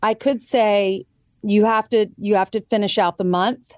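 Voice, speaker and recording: A woman's voice: medium pitch, steady tone, measured pace, darkish tone, no echo, clean studio sound. A woman in her thirties chatting as a guest and telling a parenting story, quoting others vividly as she goes. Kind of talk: casual chat.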